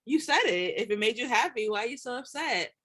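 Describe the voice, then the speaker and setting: A young woman co-hosting a podcast in casual chat, emphatic and animated, laughing often as she rants. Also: on the high side, fairly quick. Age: young adult. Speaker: podcast co-host.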